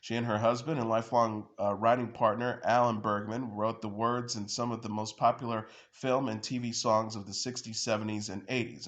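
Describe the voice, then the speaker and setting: Man reading entertainment news, low-pitched. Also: a bit bright. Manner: reads news and quotes with frequent uh fillers and restarts.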